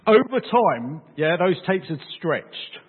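A man preaching a sermon, animated and joking with his congregation. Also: sits high, slow, breathy edge. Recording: phone-like, echoey hall sound.

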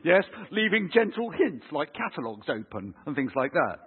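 A man preaching a lively sermon, acting out little scenes with family voices. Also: fairly high pitch, moderate pace, breathy edge. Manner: animated, acts out voices of kids and parents. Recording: tinny phone-like sound.

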